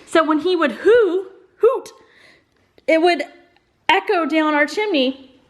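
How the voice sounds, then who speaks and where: A woman with a very high-pitched voice speaks slowly, vlogging from inside her family home in Texas. She's a mother who chats casually, telling stories and laughing often.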